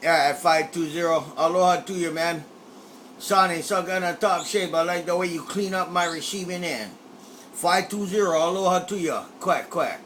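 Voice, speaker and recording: A man's voice: sits high, moderate pace, a bit bright. A man chatting playfully on CB radio, tossing in a quacking catchphrase. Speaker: CB radio operator. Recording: CB radio with light static.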